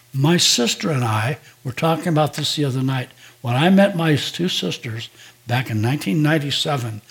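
A man's voice: fairly high pitch, vocal fry. An older man, a pastor, preaching a sermon in a conversational, storytelling way, acting out quoted dialogue.

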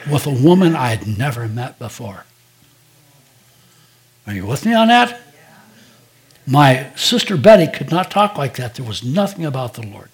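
Older male pastor telling stories in a sermon. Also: fairly high pitch. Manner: conversational storytelling, frequent restarts and quoted dialogue.

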